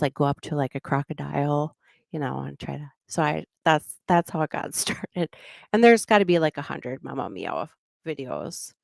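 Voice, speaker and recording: With a low, gravelly voice, a middle-aged true crime host chats casually on a livestream, wandering off topic, laughing a lot, and putting on silly voices. The audio is studio quality with no echo.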